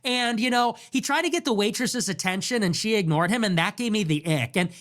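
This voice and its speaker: A man's voice: high voice, lively intonation, fairly quick, a bit bright. A man mockingly voicing an entitled young woman who whines about the men she dates. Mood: whiny.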